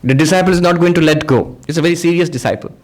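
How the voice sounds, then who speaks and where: A monk teaching a spiritual discourse, patiently explaining ideas through everyday examples and quoted dialogue. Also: male voice, a little high, racing, darkish tone. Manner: acts out quoted speakers in dialogue.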